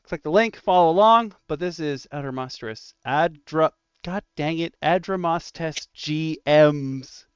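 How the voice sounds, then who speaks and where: A man hosting a casual roundtable stream, telling stories with lively jumps in his voice. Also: on the high side, measured pace, few pauses, smooth, no room sound, dull audio. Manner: animated storyteller, voice jumps up in punchlines. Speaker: stream host, dungeon master.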